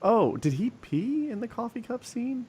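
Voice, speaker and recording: A man's voice: very high-pitched, sing-song, normal speed, a crowd in the background. A man in casual podcast chat, hesitant and stumbling over his words.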